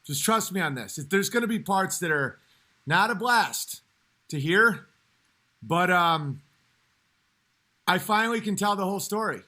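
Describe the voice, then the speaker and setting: Bright-voiced rambling male streamer. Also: sits high, animated. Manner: rambling, laughing, halting. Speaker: comedian streamer. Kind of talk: casual livestream chat.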